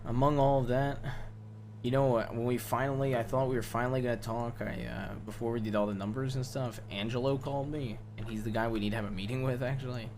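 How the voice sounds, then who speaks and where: A man streaming a game role-play who rambles in a halting way and turns husky when he talks quietly. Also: medium pitch, fairly even intonation, slight background noise. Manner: rambling, halting, restarts a lot.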